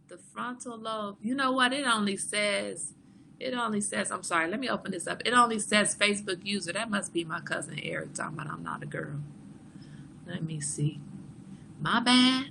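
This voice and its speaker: Bright-voiced woman hosting a casual livestream. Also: lowish voice, gravelly, a little hiss or hum. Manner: frank, joking, reads out viewer comments. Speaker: livestream host. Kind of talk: casual chat with live viewers.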